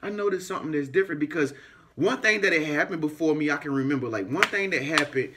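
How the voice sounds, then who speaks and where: A somewhat high-voiced man tells a rambling story straight to his viewers. He talks in a loose, casual way, full of fillers, and keeps jumping into other people's voices as he acts the story out. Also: quick pace. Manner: animated, acts out voices in anecdotes, frequent fillers. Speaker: YouTuber.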